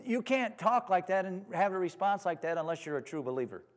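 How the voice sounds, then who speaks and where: A man's voice: high-pitched, sing-song, a little fast. A man preaching a sermon, often asking his listeners for an amen. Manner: call-and-response, asks for amens. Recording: long reverb of a hall.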